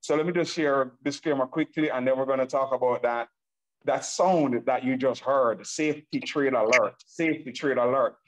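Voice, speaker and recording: A man's voice: medium pitch, moderate pace, poor audio. A man from Nigeria with a Nigerian accent, presenting an online webinar over a video call in an exuberant, repetitive way that hypes his audience.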